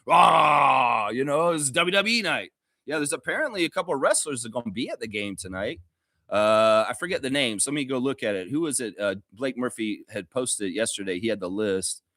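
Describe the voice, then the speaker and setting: A man's voice: mid-range voice, animated, brisk, fairly bright tone, no room sound, clean studio sound. A man hosting a sports fan livestream, ranting heatedly and sarcastically with a lot of swearing, then easing into laughing, loose chat. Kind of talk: profane ranting fan commentary.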